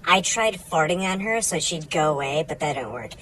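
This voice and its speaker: A woman's voice: low voice, animated, moderate pace, fairly bright tone, poor audio. A woman telling a comic story in a dry, matter-of-fact way.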